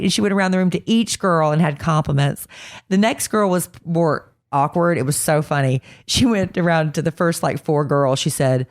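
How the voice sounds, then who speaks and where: Low-voiced woman telling a lively story. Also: moderate pace. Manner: animated storyteller, acts out quoted voices. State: fighting a cold. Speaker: podcast co-host. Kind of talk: casual storytelling chat.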